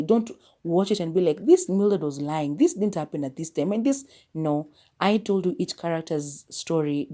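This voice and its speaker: Low-voiced chatty woman. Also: warm tone. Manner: chatty, rambling, self-correcting. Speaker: podcast host. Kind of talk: casual movie review monologue.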